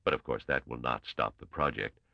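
A man doing a brisk, shrewd old mathematician. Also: extremely low pitch, creaky, no echo, dull audio, voice pushed down, heavily acted. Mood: matter-of-fact. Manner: clipped, testing, commanding.

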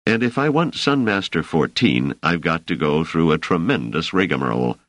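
A man's voice: extremely low pitch, very animated, moderate pace, a bit bright, no echo, full character voice. A man reading the part of a wary male scholar, dry and mildly exasperated, in an audiobook. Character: wary male scholar, a guest in a strange place.

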